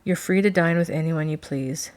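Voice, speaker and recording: A woman's voice: sits low, moderate pace, darkish tone, close to an everyday voice. A woman reading aloud, voicing a proud young captain who speaks in a clipped, restrained way. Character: proud young male captain, guarded temper.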